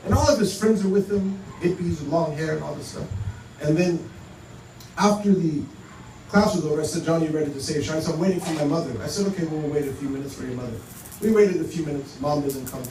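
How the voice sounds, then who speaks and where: A man's voice: on the high side, fast talker, darkish tone. A man giving a conversational talk to a community audience, telling stories and acting out dialogue. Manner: conversational, acts out dialogue in quoted exchanges. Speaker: Muslim speaker. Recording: roomy hall, mic at a distance, faint hum.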